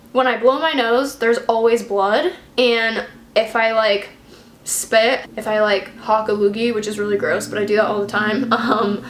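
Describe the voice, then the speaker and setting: A woman's voice: fairly high pitch, a bit bright. A young woman chatting casually to camera in a vlog, a bit out of breath, rambling with lots of fillers. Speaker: vlogger. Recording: echoey room.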